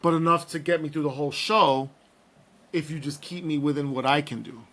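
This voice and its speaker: A man hosting a podcast in casual, playful chat, animated and joking. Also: a little high, brisk. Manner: playful, animated, breaks into singing and impressions. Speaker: podcast host.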